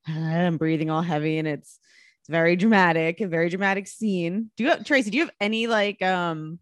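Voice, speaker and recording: A woman's voice: lowish voice, a little fast, no room sound, studio quality. A woman hosting a casual podcast quiz segment, playful and teasing, laughing often. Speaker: podcast host running a quiz game. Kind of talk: casual chat.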